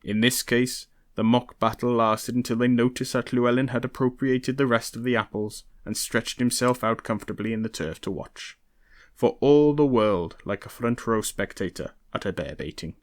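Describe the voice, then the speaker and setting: A man reading a historical novel aloud in a steady, even storytelling manner. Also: medium pitch, normal speed. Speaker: audiobook reader. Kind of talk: novel read-aloud narration.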